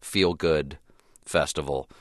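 A man's voice: extremely low pitch, steady tone, takes it slowly, fairly bright tone, no room sound, studio quality. A man speaking as a guest in a casual interview, reflective and rambling, with frequent restarts.

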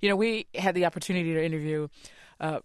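A radio host asking questions in a measured, conversational way, with small fillers. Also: medium pitch, clean tone, dry recording, clean studio sound. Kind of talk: radio interview.

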